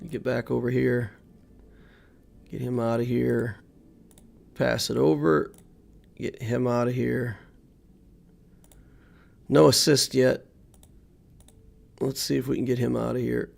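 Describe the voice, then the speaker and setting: Gravelly man muttering through gameplay. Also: medium pitch, level tone, slow pace, long pauses, a little mellow. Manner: thinks aloud, mutters to himself while playing. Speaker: game streamer. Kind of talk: live gameplay commentary.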